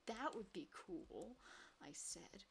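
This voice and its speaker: A woman's voice: medium pitch, expressive, slow, vocal fry, slight background noise. Chatty woman streamer talking to herself. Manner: chatty, talks to herself, sing-song and exclaiming. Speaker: streamer playing a block-building game. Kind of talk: casual live-stream gameplay chat.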